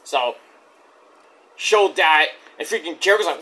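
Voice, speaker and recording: High, animated man recapping a show. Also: normal speed. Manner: loose, profane play-by-play retelling; rambling with frequent restarts. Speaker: wrestling show reviewer. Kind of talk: casual recap review.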